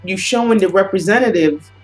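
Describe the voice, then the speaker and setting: A woman's voice: mid-range voice, brisk, faint music behind, poor audio. A woman in her thirties from the islands, co-hosting a casual relationship advice chat in an earnest, emphatic way that repeats key phrases. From the Caribbean islands.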